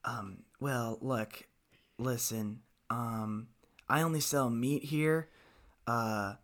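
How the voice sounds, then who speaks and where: Guy doing a laid-back deli clerk, quiet, halting, full of ums. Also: mid-range voice, steady tone, voice pushed down. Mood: mumbling. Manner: hesitant, lots of ums. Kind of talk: improvised comedy impression.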